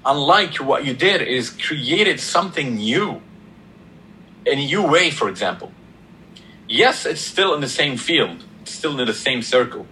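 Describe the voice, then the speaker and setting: Slow, deliberate man with a bright tone. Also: mid-range voice, expressive, a little hiss or hum, low-quality recording. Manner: slow, deliberate, pausing between words, explaining step by step. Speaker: podcast guest or host. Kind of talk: reflective conversation.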